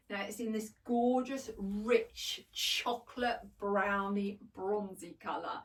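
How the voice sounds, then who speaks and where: A middle-aged woman talks slowly but with hardly any pauses in a medium-pitched voice, far from the mic. She's a fashion vlogger doing a casual try-on haul indoors at home, gushing and chatty, laughing often and joking about herself.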